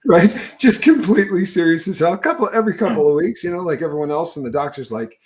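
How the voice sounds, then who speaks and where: A man's voice: on the high side, animated. Rambling man hosting a live chat. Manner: rambling, halting, many fillers and restarts. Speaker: podcast host.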